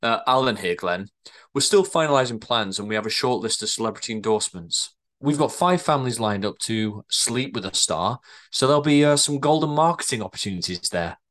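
A man's voice: mid-range voice, expressive, a little fast, a bit bright, lightly acted. A man with a wavering English accent reading a flustered, stammering male hotel manager in a comedy table read. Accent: English, drifting northern and southern. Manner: stammering, apologetic.

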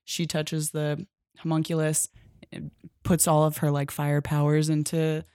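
A woman's voice: sits low, monotone, measured pace, mellow, clear, resonant tone, dry recording. Dry-sounding woman rambling through a recap. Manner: rambling, with many fillers and easy laughter. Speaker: podcast co-host. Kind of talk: casual chat recapping a comic.

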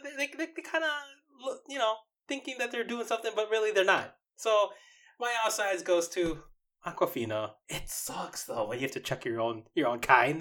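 A man's voice: high-pitched, normal speed. Casual podcast co-host, a man who talks animatedly and stumbles over restarts. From United States. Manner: animated, stumbling restarts, mocking quoted voices. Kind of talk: casual chat.

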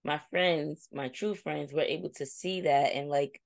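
A woman's voice: deep voice, moderate pace, creaky, few pauses, no echo. A young adult woman co-hosting a casual chat, telling a reflective story and acting out her friends' replies. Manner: reflective, storytelling, animated when quoting friends. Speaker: co-host.

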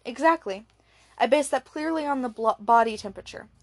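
A woman reading the lines of a hoarse, discontented older male forensic chief in an audiobook, with a dry, grumbling manner. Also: a little high, a little fast, no room sound, natural voice. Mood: explaining.

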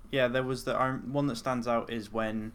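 A man's voice: mid-range voice, fairly even intonation, normal speed, fairly bright tone, clean tone. A young English man co-hosting a podcast, chatty and opinionated, with the odd sigh. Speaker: podcast co-host. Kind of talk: casual banter.

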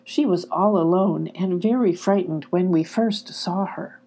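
Woman doing a gentle young animal hero, reassuring, mellow, breathy, storybook. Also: fairly low pitch, a little slow.

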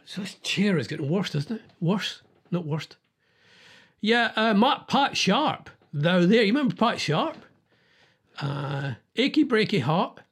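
A man with a slightly husky, fairly high voice hosts a casual chat. He rambles and thinks aloud, chuckling between stories. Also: sing-song, unhurried, a bit bright.

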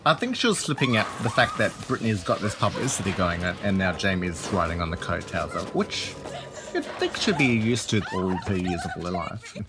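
A man's voice: sits low, very animated, moderate pace, music in the background. A man co-hosting a casual movie podcast, joking and teasing. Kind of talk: casual movie commentary chat.

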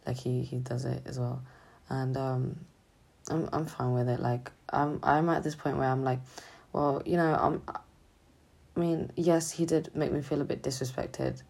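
Young woman with a very low, gravelly voice. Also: steady tone, darkish tone. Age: young adult. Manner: halting, hesitant, full of restarts. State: drained and low on energy. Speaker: student vlogger. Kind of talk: confessional vlog monologue.

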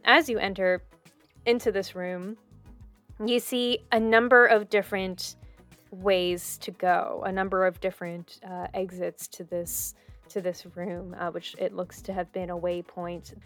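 A woman's voice: fairly low pitch, fairly bright tone. A woman narrating as game master of a tabletop game, describing rooms with many hesitations. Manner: hesitant, filler-heavy description.

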